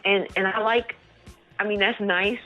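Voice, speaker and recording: A woman's voice: mid-range voice, fairly even intonation, unhurried. Earnest woman on a muffled radio line. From New York. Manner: earnest, warm-hearted, speaks of faith. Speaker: singer, interview guest. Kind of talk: phone-in radio interview. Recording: muffled lo-fi line with faint music.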